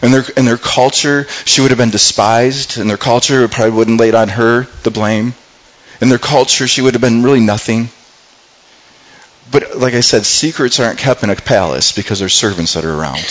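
A man's voice: medium pitch, moderate pace, rough recording. A male pastor preaches in an earnest storytelling manner, with a mid-range voice. He often stumbles and repeats words as he retells scripture. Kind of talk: sermon.

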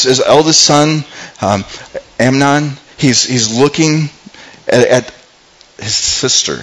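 A man's voice: mid-range voice, fairly bright tone, low-quality recording. A male pastor preaching a sermon, retelling a scripture story earnestly and often repeating words as he goes.

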